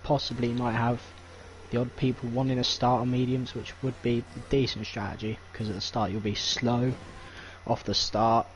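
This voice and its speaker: A man's voice: mid-range voice, flat delivery, moderate pace, a little hiss or hum, rough recording. A young man co-commentating a sim race, talking through a lap in coaching second-person phrasing. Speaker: co-commentator, strategy analyst. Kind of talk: sim racing lap analysis.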